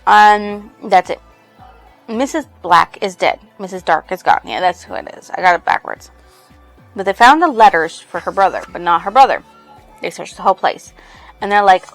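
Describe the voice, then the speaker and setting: A woman with a mid-range voice and moderate pace casually retells a book's storyline for a review. She rambles, packing in fillers and "she's like," while faint music plays behind her.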